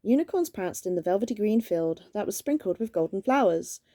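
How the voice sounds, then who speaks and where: A woman's voice: mid-range voice, lively intonation, fairly quick, dark tone, dry recording, clean studio sound. A woman reading a children's gift book aloud at home in a playful, chatty way, stopping now and then to banter. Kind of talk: casual read-aloud storytime with banter.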